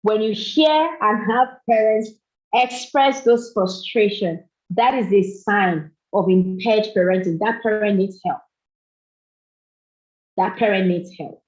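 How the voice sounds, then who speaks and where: A woman's voice: medium pitch, takes it slowly, a little mellow. A middle-aged woman speaking at a parenting summit, earnest and repeating phrases for emphasis. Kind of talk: motivational talk. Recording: dull lo-fi recording.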